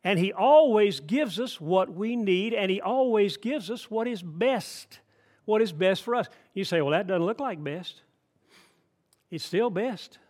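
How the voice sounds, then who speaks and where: A man's voice: high-pitched, lively intonation, a little slow, darkish tone. An older man from Atlanta, preaching a sermon in a folksy, emphatic way with asides to the congregation. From Atlanta, Georgia. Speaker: pastor.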